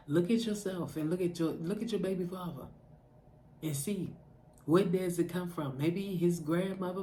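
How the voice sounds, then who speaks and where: A woman's voice: sits low, dark tone, slight background noise. A woman mother giving a spoken faith message of encouragement to parents, urging them directly with repeated calls to pray and not give up. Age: adult mother. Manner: preaching directly to the listener, repetitive urging. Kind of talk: impassioned spoken exhortation.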